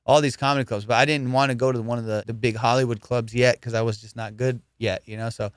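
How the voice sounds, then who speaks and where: A man's voice: mid-range voice, fairly even intonation, quick pace, clean tone, no room sound, clean studio sound. A man hosting a comedy podcast, swearing freely and telling stories in casual, teasing chat. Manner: profane, storytelling, teasing. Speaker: podcast host.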